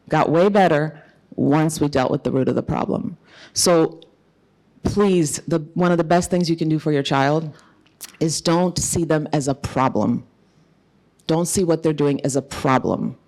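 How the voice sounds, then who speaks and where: A woman's voice: sits low, a little mellow. A middle-aged woman giving an earnest, emphatic conference talk as an author, telling a personal story. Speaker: author and speaker.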